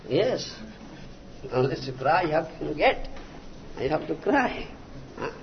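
High-voiced slow guru prodding listeners. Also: male voice, very animated. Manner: repetitive, emphatic, often asks "huh?". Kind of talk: devotional lecture with disciples. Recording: muffled noisy archival recording.

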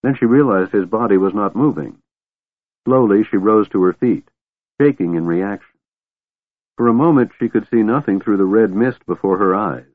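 Low-voiced man narrating over a tinny line. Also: normal speed, no echo. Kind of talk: audiobook narration. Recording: tinny, dry, phone-like sound.

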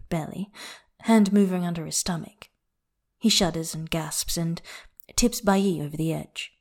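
Soft-voiced woman reading fiction aloud. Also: on the low side. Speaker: audiobook narrator.

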